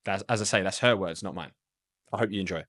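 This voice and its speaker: Low-voiced male podcast host. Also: fast talker, fairly bright tone. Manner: enthusiastic, self-deprecating. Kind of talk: scripted podcast intro, then casual chat.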